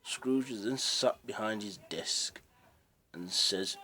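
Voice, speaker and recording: A man's voice: lowish voice, slow pace, pushed and bright, slight background noise. A man casually retelling a story as its narrator, in a rambling, unpolished way.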